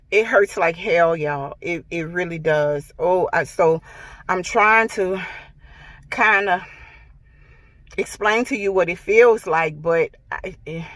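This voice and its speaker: A middle-aged woman hosting her own channel, chatting emphatically and directly to her viewers in a casual vlog. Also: mid-range voice. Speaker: home decorating channel host.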